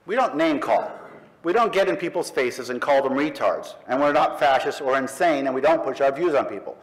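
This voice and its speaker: A middle-aged man giving a public speech to a live audience, speaking in slow, punchy declarations with pointed pauses. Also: medium pitch, animated, poor audio. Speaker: speaker at an atheist convention. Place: live event in front of an audience.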